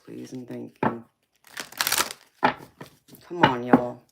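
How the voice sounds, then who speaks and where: Southern woman, low voice, slow drawl, sassy and teasing, livestream tarot chat, loud background noise. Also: steady tone, vocal fry. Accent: Southern American. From Southern United States. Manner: sassy, teasing, laughs often, calls viewers honey and baby. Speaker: tarot reader and livestream host.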